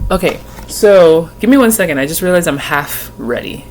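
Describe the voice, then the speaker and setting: A woman's voice: lowish voice, expressive, moderate pace, background noise. A woman hosting her own tarot channel, talking casually from home in a rambling, chatty way with frequent laughter and the odd swear word. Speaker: tarot reader and channel host.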